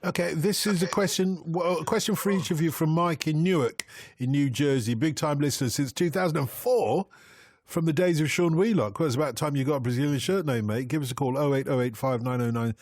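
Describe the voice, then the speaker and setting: A man hosting a radio football phone-in. He reads out listener messages and jokes with his guests in a brisk way. His voice sounds dry and close in the studio. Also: on the high side, darkish tone, no echo.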